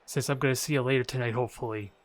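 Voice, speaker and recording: A man's voice: medium pitch, steady tone, racing. A man casually commentating his own video game match, joking and trash-talking his opponent. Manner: playful, jokey trash talk.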